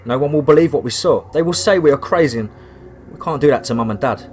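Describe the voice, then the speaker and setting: A man's voice: fairly high pitch, fast, a little mellow, slight background noise, close to an everyday voice. A man voicing a frightened but protective seventeen-year-old boy who talks in an urgent, insistent way.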